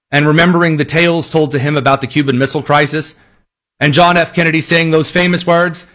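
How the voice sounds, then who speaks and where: A man's voice: on the high side, fairly even intonation, a little fast, fairly bright tone. A man delivering solo political commentary in an emphatic tone, with sarcastic asides. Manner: emphatic, sarcastic asides, mock pleading voices for quotes.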